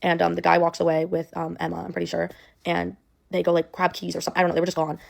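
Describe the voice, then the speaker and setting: Young woman recounting a personal story, rapid, flat delivery with vocal fry. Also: fairly low pitch. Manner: rambling, full of "like" and "um". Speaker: storyteller in a clip.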